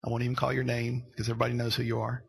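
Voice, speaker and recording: A man preaching a sermon, going from quiet storytelling to loud, shouted preaching. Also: mid-range voice, monotone, racing, creaky, poor audio. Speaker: pastor.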